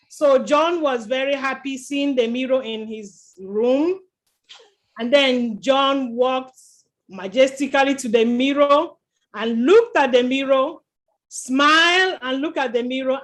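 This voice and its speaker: A woman telling a children's chapel story in church, stopping often to quiz the children with questions. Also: high-pitched. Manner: lively, quizzes the children with questions.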